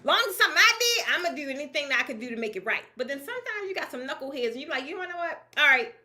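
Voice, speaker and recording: A woman running a draping business, giving a casual, lively talk to an audience of peers, laughing often and speaking in a colloquial, emphatic way. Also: high-pitched, rapid-fire.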